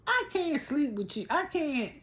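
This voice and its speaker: A woman putting on a shrill, whiny woman. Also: very animated, a little slow, a bit bright, full character voice. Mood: pleading.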